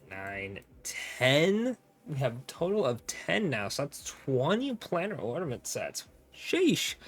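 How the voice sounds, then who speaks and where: A young man giving casual game guide commentary, rambling and often forgetting names with self-mocking asides. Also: medium pitch. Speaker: gaming content creator.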